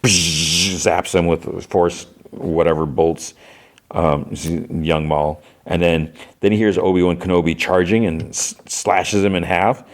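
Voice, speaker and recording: Brief: casual male podcast host, deep low voice, rambling recap. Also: fairly even intonation, slow pace. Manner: rambling retelling, heavy on "he's like" and fillers.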